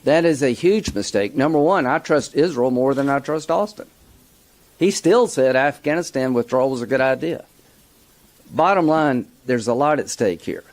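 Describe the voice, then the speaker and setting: A man delivering a forceful political speech, building from measured points to emphatic outrage. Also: medium pitch, lively intonation. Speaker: lawmaker giving a speech.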